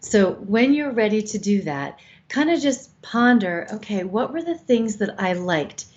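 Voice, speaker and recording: A woman's voice: mid-range voice, very animated, a little slow. A woman over fifty co-hosting a show, giving frank, coaching advice with casual swearing. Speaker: co-host. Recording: slightly dull lo-fi sound.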